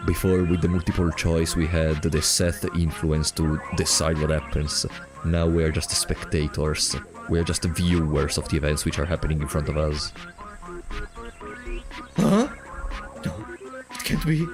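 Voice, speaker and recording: Hesitant low-voiced man commenting on a game. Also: flat delivery, moderate pace, over music. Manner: low-key, hesitant, reads the game's lines aloud. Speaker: gamer playing a story game.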